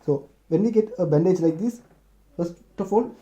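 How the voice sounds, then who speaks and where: A man explaining how to bandage a clavicle injury, halting and often restarting his sentences. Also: high voice, dark tone. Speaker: medical student demonstrating first aid. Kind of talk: unscripted explanation.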